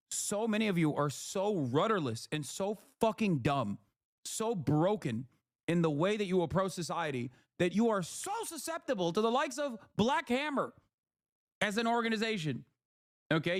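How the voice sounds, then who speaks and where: Angry streamer dude ranting at chat, lotta swearing, smooth clear voice. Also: male voice, fairly high pitch, no room sound, clean studio sound. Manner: heated, profane, reads chat messages aloud. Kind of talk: casual livestream rant.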